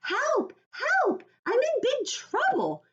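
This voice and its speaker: A woman voicing a loud, impatient little girl in a storybook read-aloud, whiny and dramatic. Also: very high-pitched, wildly swooping pitch, slow pace, dull audio, pitched above the performer's own voice, heavily acted. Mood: yelling.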